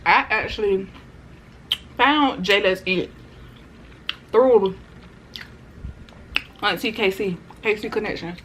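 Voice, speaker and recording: A woman's voice: mid-range voice, slow pace, long pauses, fairly bright tone, a little hiss or hum, low-quality recording. A woman food vlogger in casual mukbang chat, talking to viewers between bites.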